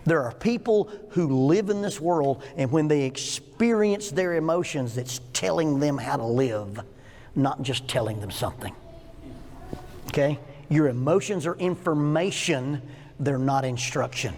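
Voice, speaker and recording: A man in his sixties gives a church lesson in a folksy, joking way, with stories and questions for his listeners. His voice sits a little high for a man. The sound carries a long echo from a large hall. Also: normal speed. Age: 60s. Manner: folksy, joking storyteller asking the audience questions. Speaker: teacher.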